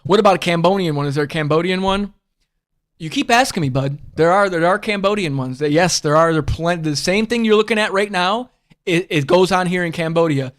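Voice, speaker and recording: A man's voice: high voice, brisk. A man hosting a casual livestream chat, talking bluntly and profanely and rambling through restarts and fillers. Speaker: livestream host.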